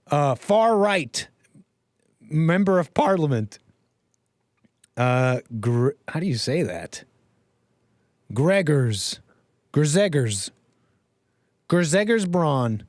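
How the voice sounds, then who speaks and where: A man hosting a live stream in a casual, jokey, animated way, reading out viewer messages and reacting to clips. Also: on the high side, no room sound, studio quality. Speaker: livestream host.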